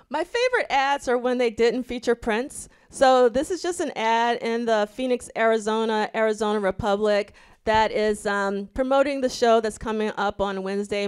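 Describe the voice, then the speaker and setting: A woman's voice: fairly high pitch, clean tone. A woman with an Alabama accent, a podcast host at a live event, chatting casually and reading old clippings aloud with her own asides.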